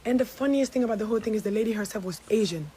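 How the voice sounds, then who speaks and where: A woman's voice: on the high side, very fast, a little hiss or hum, rough recording. Sassy woman from Gambia telling a story. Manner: animated, sassy, swears. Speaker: social media storyteller. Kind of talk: casual story time to camera.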